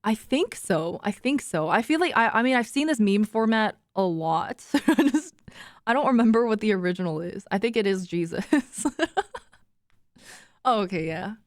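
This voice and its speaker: Young woman streamer, giggly casual chatter to her viewers, medium pitch, dry close sound. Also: animated, moderate pace, no room sound. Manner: chatty and giggly, cooing baby talk to her dog.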